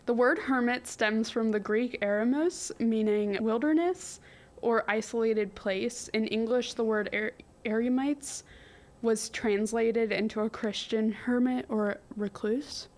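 A woman's voice: on the high side, unhurried. A young woman co-hosting a casual history podcast, reading from her notes with jokey asides and giggles. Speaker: podcast co-host.

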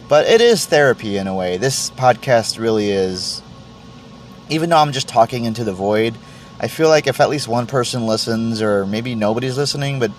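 Over slight background noise, a man with a mid-range voice delivers a casual solo rant on his own podcast. He samples tea, mocks himself, swears often and trips over restarts.

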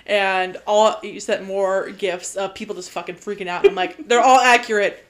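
A young woman chatting casually as a podcast co-host. She gushes with animated excitement and swears freely. Her pitch sits in a middling range. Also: normal speed. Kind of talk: casual chat.

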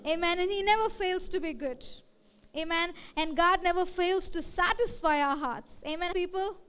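A woman pastor preaching a sermon, lively, calling out to the congregation for amens. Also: very high-pitched, normal speed. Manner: lively preaching with call-and-response.

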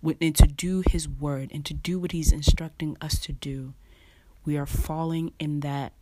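A preacher giving casual devotional teaching, pausing often, repeating words and chuckling between thoughts. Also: mid-range voice, fairly even intonation, very noisy. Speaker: online preacher.

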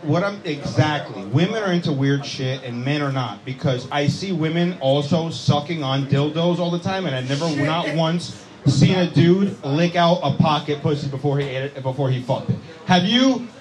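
Cast a high-voiced male comic for rowdy club stand-up, with a noisy crowd behind him. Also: moderate pace. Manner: brash, profane, teasing the crowd. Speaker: stand-up comedian. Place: comedy club with a live audience. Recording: loud crowd noise in a club. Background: audience laughter and chatter.

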